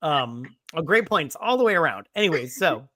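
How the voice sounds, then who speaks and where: Tipsy man rambling with bright sound. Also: fairly high pitch, big pitch swings, moderate pace, no room sound, studio quality. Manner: rambling, profane, acts out movie lines in loud put-on voices. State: has been drinking. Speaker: podcast host. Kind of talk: casual tipsy movie review chat.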